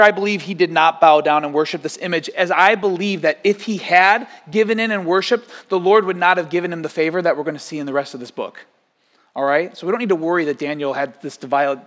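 A man preaching a sermon as pastor, lively, acting out quotes and stories. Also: a little high. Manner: animated, acts out quotes and stories.

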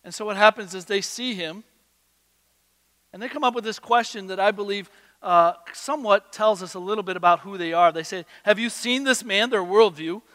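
A man preaching a sermon, swinging between loud emphatic bursts and quiet low asides. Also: steady tone, fairly quick, long reverb tail. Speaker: pastor.

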